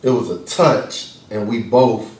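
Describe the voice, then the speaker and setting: A man casually retelling an emotional family story in slang-filled speech, animated as he quotes himself. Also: on the low side, measured pace. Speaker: interviewee, husband of patient. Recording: roomy, distant mic with faint ambience.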